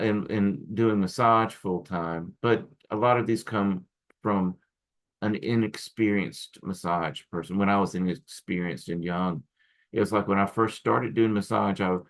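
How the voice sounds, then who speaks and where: A man teaching acupuncture students in a casual, rambling lecture full of restarts and asides. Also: fairly low pitch. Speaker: acupuncture instructor. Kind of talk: recorded lecture.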